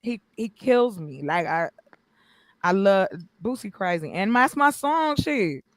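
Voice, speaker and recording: Animated joking woman hosting a stream. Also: mid-range voice, takes it slowly, no room sound. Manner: animated, joking, swears casually. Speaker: stream host. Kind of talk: casual chat.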